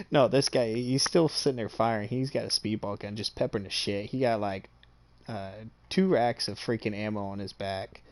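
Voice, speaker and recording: A man's voice: lowish voice, normal speed. A man casually telling a boastful, profane story from his own experience, often checking in with the listener. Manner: swears freely, checks in with "okay?"; boastful and amused. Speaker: streamer.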